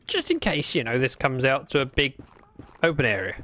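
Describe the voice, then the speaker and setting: A man's voice: mid-range voice, sing-song, moderate pace, sharp tone. A man chatting through a gameplay livestream, talking to himself and greeting viewers. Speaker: streamer. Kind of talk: casual gameplay livestream commentary.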